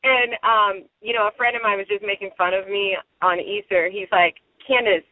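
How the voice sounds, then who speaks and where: A woman's voice: mid-range voice, moderate pace, no room sound. Chatty woman on a tinny phone line. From Ohio, US. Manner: chatty, laughing, animated storyteller. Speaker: guest matchmaker. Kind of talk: casual phone interview.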